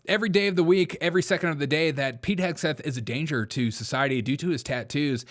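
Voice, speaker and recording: A man's voice: a little high, a bit bright. A man hosting a casual political commentary show, sarcastic and joking, often breaking into laughter. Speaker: show host.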